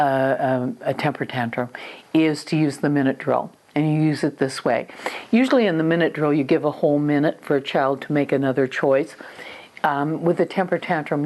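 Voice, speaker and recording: A woman's voice: deep voice, darkish tone. A woman parenting coach giving firm, matter-of-fact advice on handling children, with some fillers and restarts.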